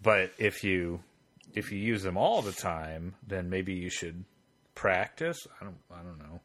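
A man's voice: low voice, a little slow, fairly bright tone. A man co-hosting a podcast, telling long rambling anecdotes in casual chat. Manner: rambling storyteller with frequent fillers and restarts. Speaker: podcast co-host.

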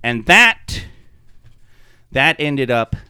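A man telling a podcast about the tabletop session he ran as game master. He talks in an animated way, and his pitch swings a lot. His voice is smooth and clear on a close, dry mic. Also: drawn-out words, no room sound. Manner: animated storyteller. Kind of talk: casual chat, recounting a game session.

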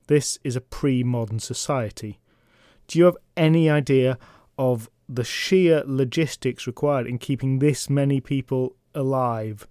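A man's voice: medium pitch, moderate pace, warm tone, clean tone, no echo. A man hosting a folklore podcast, retelling legends in a chatty comic style with wry asides, on a close mic. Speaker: podcast host and storyteller.

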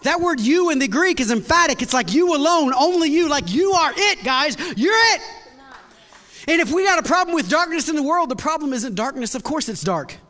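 A man preaching a sermon as pastor, energetic and bursting into shouts, with frequent repeated words and restarts, recorded in a church hall. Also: extremely high pitch, brisk, few pauses. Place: church hall with long reverb.

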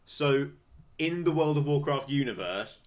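A man's voice: a little high, animated, unhurried. A young English man co-hosting a podcast in casual chat, laughing often and rambling with frequent restarts. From England. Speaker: podcast co-host.

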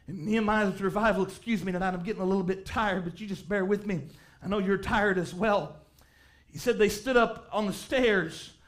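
A male preacher with a strikingly high voice delivers a revival sermon in church. He reads old-style scripture aloud and builds fervently until he is shouting key lines.

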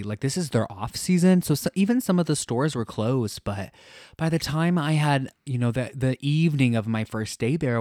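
A man's voice: medium pitch, darkish tone, no echo, clean studio sound. A man, co-hosting a podcast and telling a travel story in an effusive, gushing way. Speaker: podcast co-host. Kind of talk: casual travel chat.

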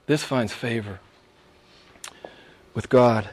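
High-voiced preacher, loud then hushed. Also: male voice, expressive, unhurried, pauses often. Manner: swings from loud, high emphatic rises to hushed near-whispers; preaching with rhetorical questions and repetition. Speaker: pastor. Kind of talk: sermon.

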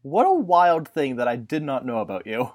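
A podcast host chatting casually and joking, drifting in and out of put-on mock accents. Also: male voice, mid-range voice, big pitch swings, normal speed, darkish tone. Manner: jokey, puts on mock accents.

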